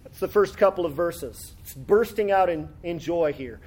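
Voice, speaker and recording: A man's voice: fairly high pitch, expressive, moderate pace, a little mellow. A man preaching a sermon, reading scripture aloud and explaining it in a conversational way with frequent tag questions. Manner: expository, reads scripture aloud with rising fervor.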